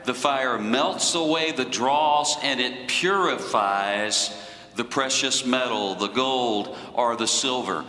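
Slow, deliberate male preacher in echoey hall. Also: medium pitch, pushed and bright. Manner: slow, deliberate teaching delivery. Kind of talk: sermon.

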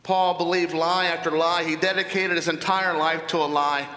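Male pastor, earnest sermon delivery with rhetorical questions; sharp, bright tone in a reverberant hall. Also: fairly high pitch, flat delivery, moderate pace.

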